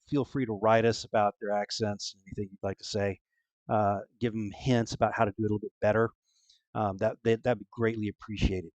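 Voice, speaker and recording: A man's voice: medium pitch, darkish tone, no room sound. A man hosting a tabletop game stream as game master, rambling with many fillers. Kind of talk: casual stream introduction.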